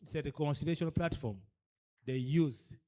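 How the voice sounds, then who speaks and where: A Ugandan-accented man delivers a training lecture in a voice pitched a little high. He is emphatic and keeps pressing his listeners with one rhetorical question after another. He moves easily between English and a local language. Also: normal speed, dark tone. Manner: emphatic, fires repeated rhetorical questions at the audience. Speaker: speaker at a cultural leaders' orientation.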